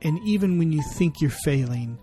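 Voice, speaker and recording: A man's voice: on the high side, expressive, normal speed, dark tone, faint music behind. A man co-hosting a parenting podcast, talking in an earnest, reflective way. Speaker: podcast co-host. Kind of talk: casual chat.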